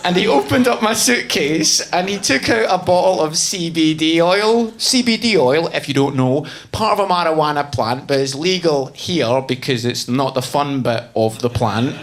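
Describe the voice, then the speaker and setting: A man doing a stand-up routine, telling a self-mocking story in an animated way on a noisy stage recording. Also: a little high, normal speed, few pauses. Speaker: stand-up comedian.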